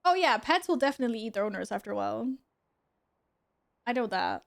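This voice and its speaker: Gaming at home, a young female streamer giggles, chats loosely with her audience and speaks to her cat. She sounds a little high, expressive and creaky, and talks fairly quickly.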